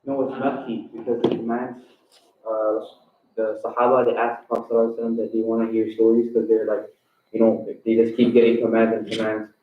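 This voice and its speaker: Quiet male student, far from mic. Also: lowish voice, monotone, fast, narrow, tinny audio. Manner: hesitant, quiet answers. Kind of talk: answering in class. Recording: distant, echoey, faint noise.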